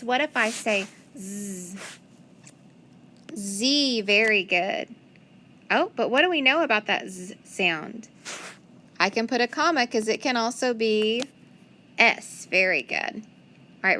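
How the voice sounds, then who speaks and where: Slow, patient woman teaching phonics. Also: fairly high pitch, bright, forceful tone, a little hiss or hum. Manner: slow, patient, encouraging, sounding out letters. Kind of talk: phonics lesson for young children.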